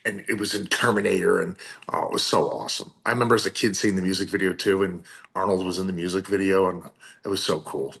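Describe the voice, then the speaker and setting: A man's voice: low voice, steady tone, fast talker, gravelly, a bit bright, slightly rough. A man in his forties, a guest on an interview show, talking in an enthusiastic, rambling way. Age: 40s. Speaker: guest, wrestler and author. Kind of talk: casual interview chat.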